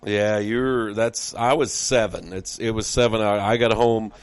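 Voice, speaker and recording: A man's voice: fairly low pitch, steady tone, a little slow, clean tone, no room sound. Upbeat folksy man hosting a podcast. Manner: upbeat, folksy, rambling with many fillers. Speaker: podcast host. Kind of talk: casual podcast chat with ad reads.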